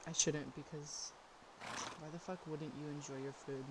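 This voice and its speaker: A woman's voice: low voice, steady tone, normal speed, noisy background. Blunt, swearing young woman streamer. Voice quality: blunt, profane, laughs easily. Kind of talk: casual chat while eating on stream.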